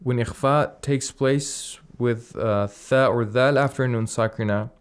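On a radio lesson, a Quran recitation teacher patiently explains the rules of Arabic pronunciation, reciting short Arabic phrases as examples. His voice is medium in pitch, clear and resonant, and he never rushes.

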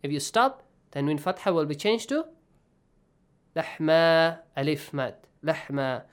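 A man's voice: a little high, very animated, moderate pace. A man teaching tajweed rules in an online Quran lesson, patiently quizzing his students.

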